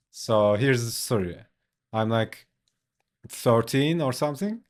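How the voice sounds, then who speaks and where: While streaming as he draws a comic, an artist who isn't a native English speaker shares a casual anecdote. He has a mid-pitched voice and a slow drawl, and he's laid-back, chatty and profane, leaning on "like" and laughing often.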